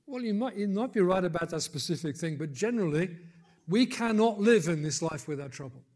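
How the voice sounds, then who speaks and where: Older male preacher, slightly high voice, swings from hushed asides to loud emphatic peaks, chatty and wry. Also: animated, a little fast. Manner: builds to loud emphatic peaks, then drops low and soft; conversational asides and gentle humor. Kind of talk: sermon.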